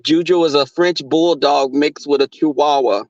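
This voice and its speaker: Broadcasting live from work, a man spins crude, profane tales for his viewers, animated and full of laughter and swearing. His voice is on the high side at a moderate pace. The audio is dry and dull.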